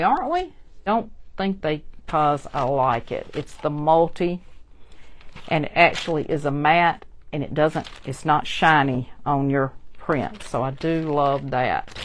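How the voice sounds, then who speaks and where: A woman hosting a chatty live crafting demonstration, talking straight to her viewers. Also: low voice. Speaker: craft tutorial host.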